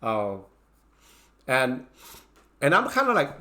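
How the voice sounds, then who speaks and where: A man recounts a chaotic party in a loose, animated storytelling manner, his voice rising and falling widely. He talks slowly in a bright, fairly high tone and breaks off often to restart or add fillers. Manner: animated, acts out his own panicked lines; many fillers and restarts, non-native grammar. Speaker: channel host telling a story. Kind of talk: casual storytelling.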